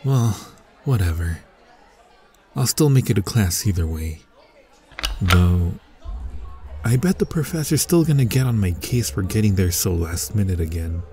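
A man's voice: low voice, lively intonation, a little slow, pauses often, warm tone. A young man voicing a smug, teasing male college bully in a whispered role-play, muttering to himself. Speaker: ASMR roleplay voice actor.

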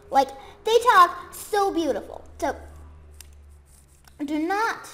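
High-pitched, stuffy-nosed young gamer girl. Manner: rambling, excitable, many fillers and sudden squeals. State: congested from a cold. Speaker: gaming YouTuber. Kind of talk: casual commentary while building in a game.

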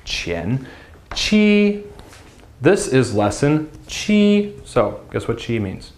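Slow, upbeat man teaching tones. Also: sing-song, darkish tone. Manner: drills syllables with big pitch swings, upbeat and direct. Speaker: Chinese language teacher. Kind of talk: whiteboard language lesson.

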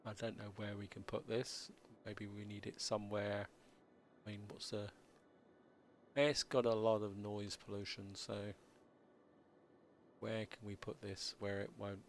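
A man hosting a city-building let's play, talking casually as he plays, with a slightly croaky voice and a halting, stammering way of speaking. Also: fairly low pitch, monotone, a little hiss or hum. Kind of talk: casual gameplay commentary.

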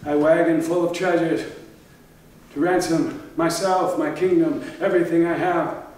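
A man's voice: on the high side, flat delivery, a little slow, a little mellow, close to an everyday voice. An actor playing a grieving old king, proud yet humbled, who talks in a pleading way on a theater stage. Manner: pleading, then raging. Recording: echoey theater, mic far off.

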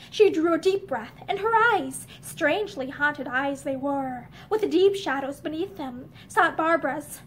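A woman reading a novel aloud with expressive, dramatic storytelling, sitting in a room with bookshelves. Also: high-pitched, measured pace, hardly any pauses. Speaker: audiobook reader. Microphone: camera facing her as she sits.

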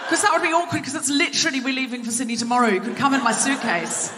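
A woman's voice: high-pitched, animated, racing, hardly any pauses, a loud crowd. A woman hosting a live comedy podcast from a theatre stage, bantering playfully with the audience and mocking herself. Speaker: host. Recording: live theatre recording with clicking noise.

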